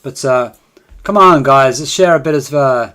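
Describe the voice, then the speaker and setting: A man's voice: medium pitch, normal speed, sharp tone. A man hosting a live trading stream, chatting casually and coaxing viewers to join in.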